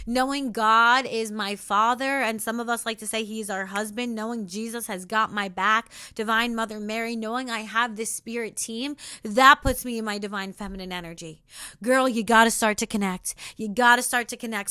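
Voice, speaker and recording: A young woman hosting a spiritual self-help podcast, talking in an earnest, intimate way that moves between soft reflection and sassy encouragement. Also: on the high side, moderate pace, no room sound, studio quality. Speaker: podcast host.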